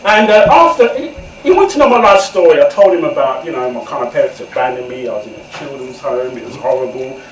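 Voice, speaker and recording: A man, an author telling comic stories to an audience in an animated way and laughing often. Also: mid-range voice, quick pace, few pauses. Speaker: author, guest speaker. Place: event room indoors. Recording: echoey room from far off, noisy.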